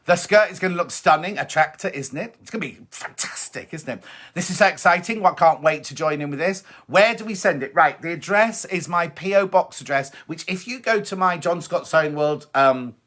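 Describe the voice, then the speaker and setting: Reading out comments from his viewers, a man runs a sewing live stream at home in a chatty, cheerful manner, often going over the same points again. He speaks a little fast in a voice that's slightly high and a bit bright.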